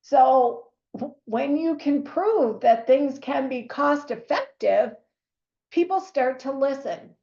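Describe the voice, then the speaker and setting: A woman, a nurse telling a lively story to fellow nurses, acting out what others said. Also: sits high, takes it slowly, gravelly. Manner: animated storyteller who acts out quoted voices. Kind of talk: storytelling talk to an audience. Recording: echoey, slightly dull room recording.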